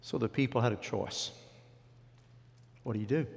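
A man's voice: mid-range voice, moderate pace, creaky. A male pastor preaching a sermon and storytelling with animation, speaking directly to the congregation. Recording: long hall reverb.

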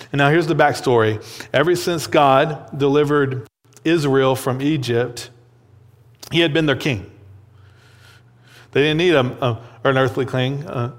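Man, Bible lesson, conversational, repeats words, middle pitch, long hall reverb. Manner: conversational, checks in with "okay?" and "right?"; repeats words while thinking. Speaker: Bible teacher.

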